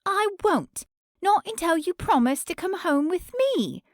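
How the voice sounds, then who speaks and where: Shrill cockney girl, jealous and unhinged, way up high. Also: big pitch swings, a little slow, darkish tone, no room sound, studio quality, exaggerated voice. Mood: screaming, unhinged. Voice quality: shrill, sing-song. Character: obsessive jealous young woman, shrill.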